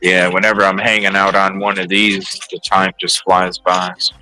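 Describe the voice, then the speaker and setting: Low-voiced man chatting while driving. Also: normal speed, faint music behind, poor audio. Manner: relaxed, rambling, thinks aloud. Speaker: livestream host. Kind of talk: casual chat while driving. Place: in a car in heavy rain.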